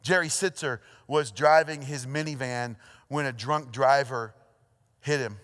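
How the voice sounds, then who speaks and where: Earnest pastor in a reverberant church. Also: male voice, medium pitch, measured pace. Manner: storytelling, lively then hushed and earnest. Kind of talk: sermon. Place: church auditorium. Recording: long hall reverb.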